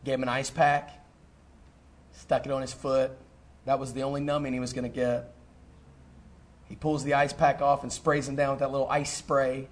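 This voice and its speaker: A middle-aged man, a pastor telling a personal story in a sermon, animated and full of fillers and restarts. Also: mid-range voice, normal speed, long pauses. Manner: animated, repeats himself, lots of fillers.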